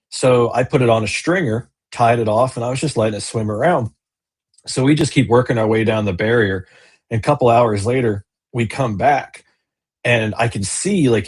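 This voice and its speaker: A man with a medium-pitched, slightly rough voice chats casually in a video-call interview. He owns a business and fishes from a kayak, and he rambles with fillers and restarts.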